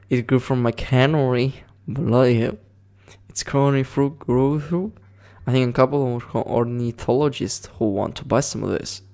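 A man's voice: mid-range voice, darkish tone. A man giving casual game commentary, rambling along with frequent giggles and swearing. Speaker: gaming video creator.

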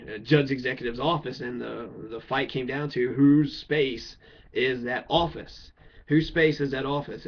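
A man's voice: medium pitch, creaky. Heated man ranting, lo-fi. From Kentucky. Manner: blunt, heated, swearing, rhetorical questions. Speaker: political speaker. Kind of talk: profane political rant. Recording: dull lo-fi recording.

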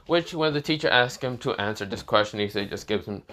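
A man's voice: on the low side, expressive, fairly quick, a bit bright, a little hiss or hum. Rambling man telling a fan story. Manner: rambling, filler-heavy, casual swearing. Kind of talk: casual spoken storytelling.

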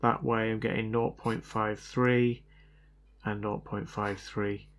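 Here the repair vlogger speaks in a fairly low, flat voice and takes his time. He narrates his work casually as he goes, uncertain and second-guessing himself throughout.

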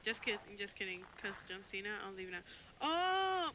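A woman's voice: mid-range voice, sing-song, normal speed, sharp tone, slight background noise, low-quality recording. A woman streaming a ghost-hunting game, chatting casually, giggling often and greeting viewers. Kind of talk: casual gameplay chat.

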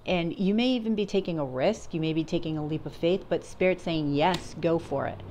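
A woman's voice: on the low side, a little fast, warm tone, slight background noise. Chatty woman giving a tarot reading. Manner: chatty, encouraging, talks to herself and answers. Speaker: tarot reader. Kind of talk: casual spoken tarot reading.

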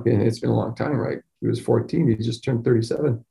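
A man's voice: mid-range voice, steady tone, fairly quick, gravelly, mellow. A middle-aged man, a chiropractor, telling an emotional personal story in an earnest way, often repeating words as he goes. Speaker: chiropractor guest.

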